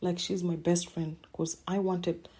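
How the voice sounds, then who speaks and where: A middle-aged woman hosting a podcast, telling a personal story in an emotional, halting way and repeating words as she speaks. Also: on the low side, level tone, mellow, husky. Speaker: podcast host.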